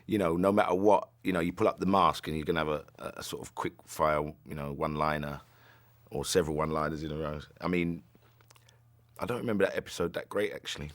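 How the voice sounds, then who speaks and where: A man in an interview recalling a role in a relaxed, hesitant way. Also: a bass voice, fast. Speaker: actor interviewee. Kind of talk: interview reminiscing.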